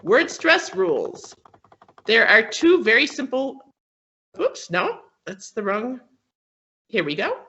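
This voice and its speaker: A woman teaching English who explains patiently, often stopping to check that her students follow. She talks slowly and her pitch rises and falls a lot. Her voice is bright and comes through dull, lo-fi online class audio. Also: very animated. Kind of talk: classroom lesson on word stress.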